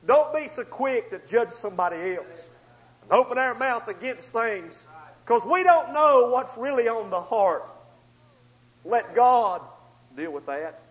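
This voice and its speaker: A man preaching a storytelling sermon, swinging between loud outbursts and hushed asides. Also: very high voice, lively intonation, a little slow, low-quality recording.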